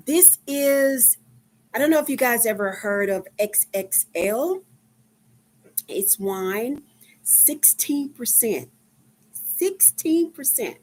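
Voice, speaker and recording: Slow-talking Texan woman in her fifties. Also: medium pitch. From Dallas, Texas. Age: 50s. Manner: slow, chatty, many ums. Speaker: live-stream host. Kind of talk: casual live-stream chat.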